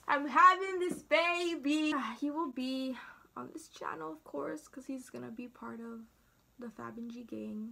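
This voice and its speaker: A teenage girl talks straight into her phone camera with a clear, bright voice pitched a little high. She is chatty and dramatic, acting out what her family said as she tells her story. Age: teens. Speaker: vlogger.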